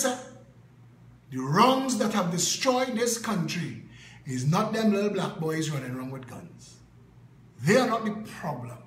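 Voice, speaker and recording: A man's voice: a little high, a bit bright, roomy sound. A man with a Trinidadian accent, a political candidate talking in a fiery, rhetorical way with punchy repetition. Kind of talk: impassioned political talk.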